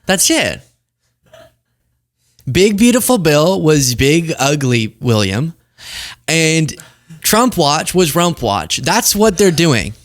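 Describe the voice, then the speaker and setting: A man's voice: on the high side, big pitch swings, slow pace, long pauses. A young man hosting a political commentary show, talking in a sarcastic, conversational way. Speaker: host.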